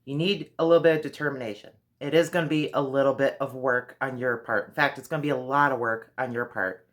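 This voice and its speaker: A woman's voice: extremely low pitch, fairly even intonation, quick pace. A woman vlogger giving earnest, direct advice in a casual monologue.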